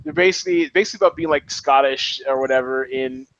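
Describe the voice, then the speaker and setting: A man co-hosting a podcast, talking about movies in an animated way and restarting his sentences often. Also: mid-range voice, fast, vocal fry, dull audio. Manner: animated, excitable, many restarts. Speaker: podcast co-host. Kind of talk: casual film chat.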